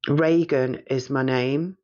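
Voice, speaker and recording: A man recounting a past-life regression in the first person, in a halting, hesitant way as he searches for words, on a slightly muffled recording. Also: mid-range voice, steady tone, darkish tone, dry recording.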